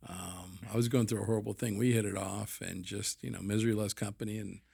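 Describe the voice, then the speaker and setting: Man, forties, gravelly, husky, blunt, rambling, profane, candid podcast guest. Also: on the low side, fairly even intonation, fast, a little mellow. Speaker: podcast guest, business owner. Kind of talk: candid conversational storytelling.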